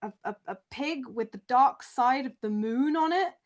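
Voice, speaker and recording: A young Englishwoman talks casually to her live-stream viewers, rambling from one thought to the next. Her voice sits a little high. She swears freely and laughs often. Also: moderate pace, slight background noise.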